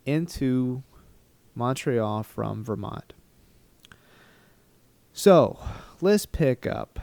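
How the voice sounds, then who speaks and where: A Texan vlogger casually tells his viewers a travel story, rambling, poking fun at himself and laughing at his own tale. His mid-range voice is clear, resonant and a little mellow, with no echo.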